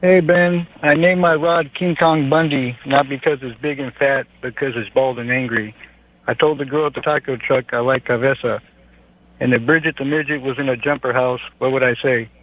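A man calling a radio show and firing off quick jokes. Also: mid-range voice, fairly even intonation. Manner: rapid-fire joke telling. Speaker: caller. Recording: tinny phone line.

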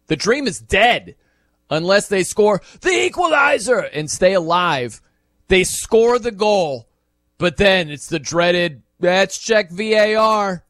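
Animated man on sports radio. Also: high voice, slow, no room sound, clean studio sound. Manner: animated, acts out quoted reactions in bursts. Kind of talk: casual sports talk. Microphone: studio microphone.

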